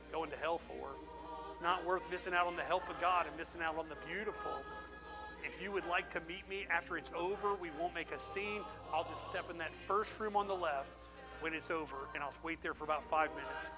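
A middle-aged man delivers a sermon with a high-pitched voice. He tells stories with emphasis and repeats his key phrases. Faint music plays behind him. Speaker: pastor. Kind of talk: sermon with altar call.

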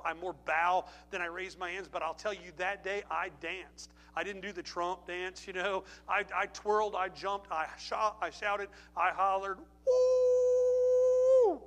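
High bright-voiced pastor preaching. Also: male voice, a little hiss or hum. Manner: storytelling, emphatic, repeats phrases. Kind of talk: sermon with altar call.

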